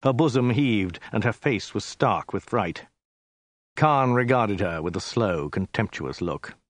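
A man reading a story aloud in a dry, deadpan narrating manner. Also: on the low side, measured pace, no room sound. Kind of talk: scripted narration.

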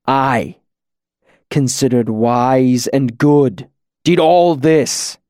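A man's voice: medium pitch, extremely slow, no echo, studio quality. A man voicing a weary, grief-broken fallen hero. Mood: anguished. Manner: weary and heavy, rising to anguished shouts. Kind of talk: audiobook character voice.

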